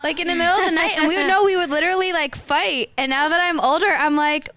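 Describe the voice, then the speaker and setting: A woman's voice: very high voice, fairly even intonation, fast talker, fairly bright tone, dry recording, studio quality. A woman in casual conversation, chatty with many fillers and easy laughter. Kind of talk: casual chat.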